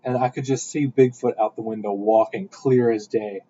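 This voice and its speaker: A man's voice: medium pitch, moderate pace. Rambling young man, dull lo-fi sound. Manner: rambling storyteller, animated bursts. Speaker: podcast host. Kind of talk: casual chat.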